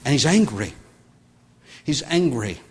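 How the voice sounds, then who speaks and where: A man's voice: medium pitch, very animated, measured pace, husky, in a large hall. A man preaching a sermon, telling a story with many restarts and rising in force when he drives home his point. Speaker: pastor.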